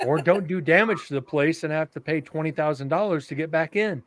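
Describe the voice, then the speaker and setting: Slightly high-voiced man with wry asides. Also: brisk, dry recording. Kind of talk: casual chat.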